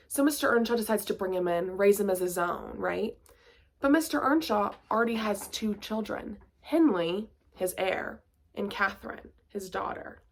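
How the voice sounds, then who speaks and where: Chatty woman reviewing a book, full of quips. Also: mid-range voice. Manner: chatty, lots of "like" and asides; playful, sarcastic quips. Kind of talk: casual vlog book review.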